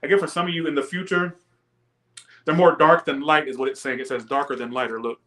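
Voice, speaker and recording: A man's voice: a little high, steady tone, fast, a bit bright. A young man giving a live-stream tarot reading, ranting profanely and chatting with his viewers. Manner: chats with viewers, laughs often. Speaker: tarot reader.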